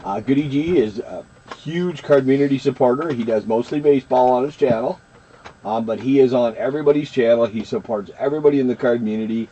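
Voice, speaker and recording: Casting: relaxed, warm-toned man, loose rambling host, lo-fi muffled audio with faint hiss. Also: mid-range voice, fast. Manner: rambling, friendly, lots of fillers. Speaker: co-host of a card collecting channel. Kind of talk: casual chat.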